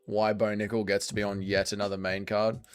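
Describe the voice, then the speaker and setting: An Australian man hosts a casual livestream in a fairly low, monotone voice that runs a little fast. He reads chat comments out loud and answers them bluntly, crudely, with plenty of banter.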